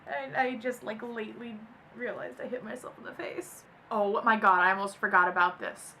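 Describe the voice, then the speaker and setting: Bright-voiced giggly young woman vlogger. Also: on the high side, steady tone, moderate pace. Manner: giggly, easily amused, breaks into laughter. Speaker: booktuber host. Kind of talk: casual vlog reading poems aloud.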